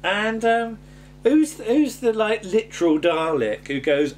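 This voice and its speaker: A man in casual, jokey chat, voice sitting a little high for a man. He rambles on, trails off and restarts, and a faint hum runs under the recording. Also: takes it slowly. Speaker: podcast co-host.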